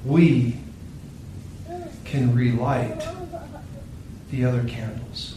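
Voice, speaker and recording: A man voicing a gentle talking Christ candle, soft and reassuring. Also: medium pitch, fairly even intonation, extremely slow, noisy background. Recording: very echoey room, distant mic.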